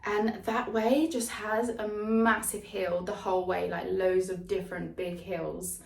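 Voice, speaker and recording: A young woman chatting casually to her phone camera for a vlog, lively and a little rambling, using casual slang. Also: medium pitch, unhurried, vocal fry, far from the mic. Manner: chatty, excitable, says "proper" and "bear with". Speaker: vlogger. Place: outdoors by the sea, then an apartment kitchen. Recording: echoey with loud background noise.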